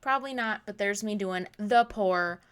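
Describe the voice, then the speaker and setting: A crafting vlogger in her twenties narrates her video casually in a clean, slightly bright, mid-range voice at a moderate pace. Gushing and bubbly, she teases herself and says "oh my god" and "literally" again and again.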